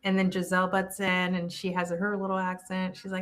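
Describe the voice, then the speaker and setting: A middle-aged woman recaps reality TV on a podcast in a relaxed, gossipy ramble. She loops back, restarts her sentences and piles on asides. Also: lowish voice, brisk. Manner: chatty, gossipy, trails off and restarts. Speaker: podcast co-host. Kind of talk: casual reality-TV recap chat.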